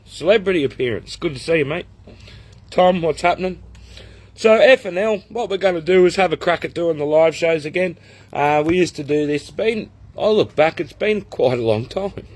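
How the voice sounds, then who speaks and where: A man with an Australian accent, hosting a casual live stream, chatting and laughing as he greets viewers by name from outside at the back of his house. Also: mid-range voice. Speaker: host. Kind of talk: casual livestream chat. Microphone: laptop.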